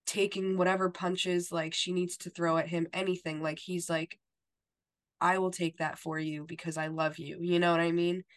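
A woman co-hosting a podcast, talking casually and emphatically, with lots of "like" and "you know". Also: on the low side. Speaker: podcast co-host. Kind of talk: casual chat recapping a TV episode.

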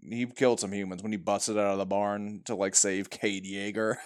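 A man's voice: fairly low pitch, level tone, moderate pace, smooth. A man co-hosting a casual movie podcast, joking and laughing often. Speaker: podcast co-host. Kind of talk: casual chat.

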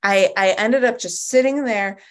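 Speaking at a moderate pace in a mid-range voice, a woman tells her story at a recovery group meeting held over video call. It's a personal testimony, delivered in an animated way with many restarts.

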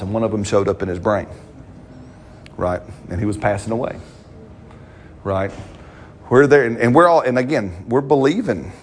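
A man, preaching a sermon as pastor, talking to the congregation in a conversational way and often checking in with "right?". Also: mid-range voice.

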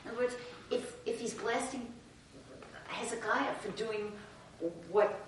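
Halting woman asking from across a room. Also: fairly high pitch, fairly even intonation, very echoey, recorded from a distance, heavy background noise. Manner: halting and searching, restarts her sentences. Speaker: student. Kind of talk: classroom question.

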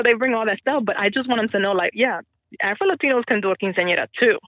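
A teacher from the Dominican Republic, a woman of medium pitch who talks fast, is interviewed over the telephone. She's chatty and laughs often, and the dry recording comes through a tinny phone line.

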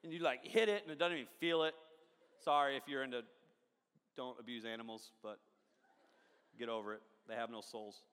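A man preaching a sermon in a lively, joking way, often checking in with the crowd. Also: medium pitch, brisk, long pauses, clean tone, big-room sound. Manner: animated, jokey, asks the crowd often. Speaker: pastor. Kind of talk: sermon with storytelling. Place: large church hall.

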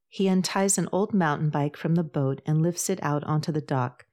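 A woman with a notably low voice narrates a novel. She keeps a measured, even storytelling pace and reads the characters' dialogue within the narration. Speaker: audiobook narrator. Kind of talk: scripted narration.

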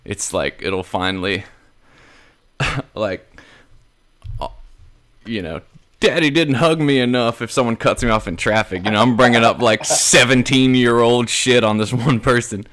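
Young man telling stories in a lively way. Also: lowish voice, a little slow, long pauses. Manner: animated storyteller, acts out quotes in a raised voice. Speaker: podcast co-host. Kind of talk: casual chat.

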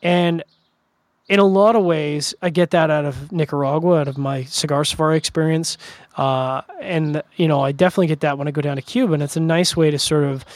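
A middle-aged Canadian man co-hosts a podcast, chatting casually and rambling through stories full of "you know" and frequent restarts. His voice sits a little high for a man, with a steady tone and a fairly quick pace. The recording is dry and close, with no room around it.

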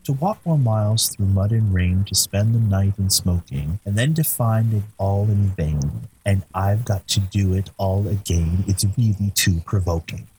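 A man's voice: fairly low pitch, a little slow, few pauses, dark tone, a little hiss or hum, lightly acted, low-quality recording. A man doing a testy scolding ghost. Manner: brusque, scolding.

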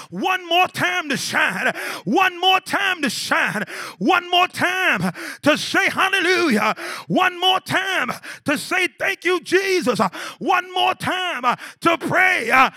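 Man, preacher, sermon, very high voice, dry sound, call-and-response. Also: vocal fry, sharp tone, no echo.

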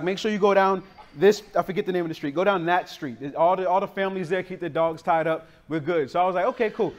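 Man, pastor, high-pitched, conversational sermon, streetwise slang, lively storytelling, from the northern US. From northern United States.

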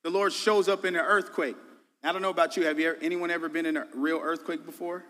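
A man preaching a sermon as a guest pastor, emphatic and casual, swinging between loud bursts and quiet drops. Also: on the high side, steady tone, fast, in a large hall. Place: church sanctuary.

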